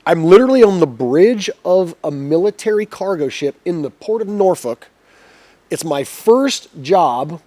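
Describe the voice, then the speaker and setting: A man in his forties telling a long, profane story as a podcast guest, energetic and swearing freely. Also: a little high, no echo. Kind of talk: casual storytelling.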